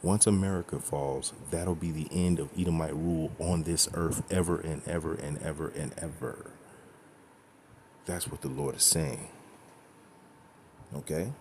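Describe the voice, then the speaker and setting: A man's voice: rumbling low, steady tone, a little slow, pauses often, a little mellow, slight background noise. A man teaching scripture in a blunt, profane, emphatic way, often checking in with "okay?" and "right?". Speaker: religious teacher.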